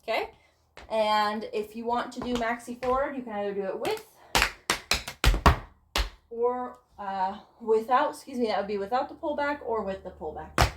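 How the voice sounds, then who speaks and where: A woman teaching tap dance, calling out steps and counts in a brisk, encouraging way in her studio. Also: fairly high pitch, far from the mic, very noisy. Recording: echoey studio with loud tap clicks.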